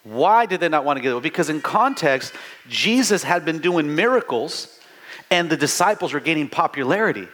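High, lively, fervent man preaching. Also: fairly quick. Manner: fervent, call-and-response preaching with many restarts. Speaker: pastor. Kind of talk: sermon. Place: church.

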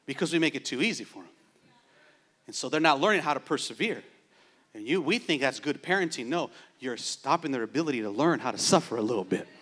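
A man pastor delivering a sermon, moving between playful asides and loud, shouting exhortation. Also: medium pitch, lively intonation, quick pace.

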